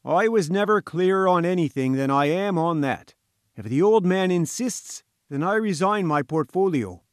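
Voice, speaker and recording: Storybook role: man playing a gloomy, jumpy engineer, pitched high and pushed loud, blunt and grumbling, dry sound. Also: expressive, moderate pace, no echo, natural voice. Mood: uneasy. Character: gloomy, jittery male chief engineer underground.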